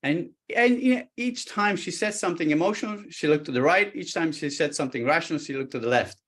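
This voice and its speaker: A man, a guest expert on a talk show, explaining body language with lively stories, acting out quoted speech and often restarting his sentences. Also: fairly high pitch, fast talker, husky. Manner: animated, acts out quoted speech, frequent restarts.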